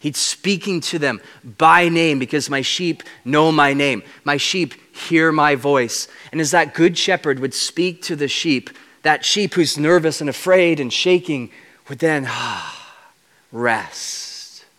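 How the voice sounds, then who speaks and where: A man preaching a sermon as a guest speaker, animated and playful as he unpacks Hebrew words. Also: on the high side, a little slow. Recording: long reverb of a large hall.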